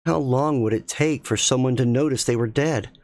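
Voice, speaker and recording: A man reading a spooky story aloud in a slow, measured, suspenseful way as a streamer. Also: medium pitch, darkish tone.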